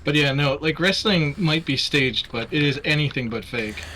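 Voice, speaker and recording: A man's voice: a little high, normal speed, bright, forceful tone, slight background noise. A man hosting a charity stream, chatting casually while gaming, rambling and swearing as he gets heated about wrestling.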